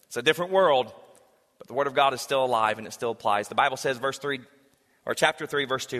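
A man's voice: medium pitch, quick pace, a bit bright, long reverb tail. A man preaching a sermon to a congregation in a casual, joking way, then building to emphatic preaching. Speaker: pastor.

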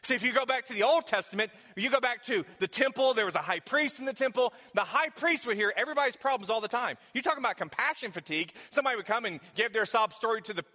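A man's voice: very high-pitched, fast talker, few pauses, pushed and bright. A man preaching a sermon, talking emphatically to the congregation and asking them questions directly. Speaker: pastor. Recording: long hall reverb.

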